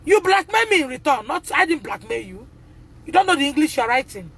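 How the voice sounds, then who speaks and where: Indignant Nigerian mother with a high voice who drives her points home by repeating them. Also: sing-song, fast talker, fairly bright tone. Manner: emphatic and indignant, repeating phrases, addressing the school directly. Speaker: mother of a pupil. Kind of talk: impassioned live video appeal.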